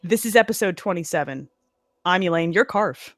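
A woman's voice: on the low side, lively intonation, normal speed, a bit bright, no room sound, studio quality. A woman hosting a podcast, talking in casual, profane, joking chat. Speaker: podcast host.

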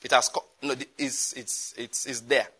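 A man, preaching a sermon as a pastor, emphatic and animated, with repetitions and sudden asides. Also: mid-range voice, moderate pace, slightly rough.

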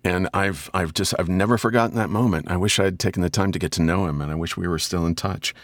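Deep-voiced middle-aged guy telling stories on a podcast, swears a lot, jumps high for asides, dry close mic. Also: fast talker, no echo. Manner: animated storyteller, jumps into loud high-pitched asides, swears freely. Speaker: audiobook narrator and guest. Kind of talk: casual storytelling interview.

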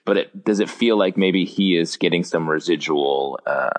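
A man with a deep, low voice chats on a casual podcast. His manner is dry and teasing. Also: normal speed, in a large hall. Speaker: podcast co-host.

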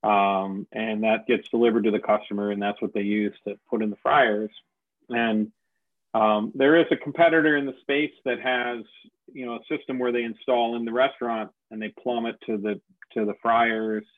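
A man's voice: on the low side, steady tone, normal speed, no echo. A man tells the story of his business in a loose, conversational way, circling back with fillers and restarts and laughing at himself now and then. The sound is dry and narrow, like a phone line. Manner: rambling, many fillers and restarts, self-deprecating laughs. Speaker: franchise owner telling his business story. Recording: dry, tinny phone-like audio.

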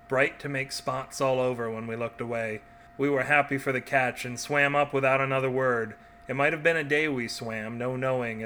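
A man hosting a story podcast, trading wry jokes with his listeners before reading a short story aloud. His voice is bright and forceful, with a faint hum behind it. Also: medium pitch. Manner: wry, joking asides.

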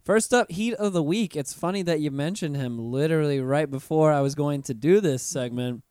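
A man's voice: a little high, moderate pace, darkish tone, clear, resonant tone, dry recording, clean studio sound. A man hosting a podcast in casual, slangy chat, laid-back and profane as he hypes up artists. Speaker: podcast host.

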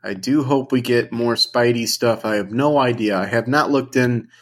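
A man's voice: mid-range voice, normal speed. A man co-hosting a podcast, bantering casually with wry, profane humor. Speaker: podcast co-host.

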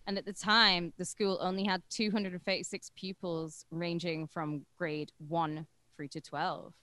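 A woman's voice: lowish voice, level tone, measured pace, bright, forceful tone, dry recording. A woman co-hosting a podcast, telling a true-crime story in a casual, irreverent way with crude jokes along the way. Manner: irreverent and crude, joking between facts.

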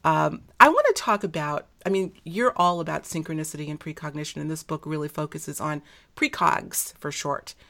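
A woman hosting an interview, chatty and quick to laugh, losing her voice and clearing her throat. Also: sits low, expressive, a bit bright. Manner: chatty, laughs often, many fillers. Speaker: podcast host. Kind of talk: casual interview chat.

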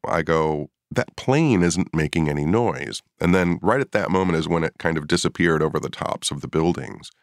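A paranormal investigator, middle-aged with a very low voice, tells a story during a casual podcast chat, his pitch jumping up whenever he acts out his own past reactions. The recording is dry and close.

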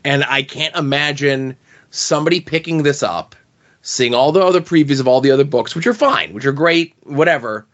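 A man co-hosting a podcast, chatting about comics in a measured, explanatory way. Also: on the high side, fairly bright tone, muffled recording. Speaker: podcast co-host. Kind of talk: casual chat about comics.

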